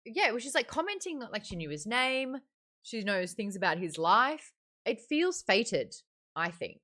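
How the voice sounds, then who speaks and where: A woman hosting a casual book club discussion, chatty and animated, laughing often. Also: a little high, a little slow.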